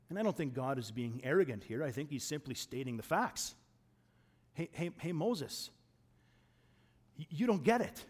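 A man preaching a sermon in a conversational way, often restarting and repeating words, and moving between raised emphasis and quiet asides. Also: mid-range voice, animated, fairly quick.

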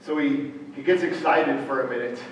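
A man preaching a sermon, halting, with frequent fillers and restarts. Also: medium pitch. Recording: echoey hall from far off, faint ambient noise.

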